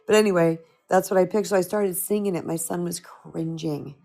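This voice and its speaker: A middle-aged woman coaching on a live stream, with a slightly crackly voice, talking in an animated, chatty way and answering viewer comments. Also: fairly low pitch, normal speed, vocal fry. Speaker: spiritual empowerment coach.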